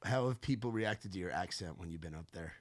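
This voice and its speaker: A man from New York hosting a relaxed, conversational interview. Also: low-pitched, brisk. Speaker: podcast host. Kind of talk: casual interview.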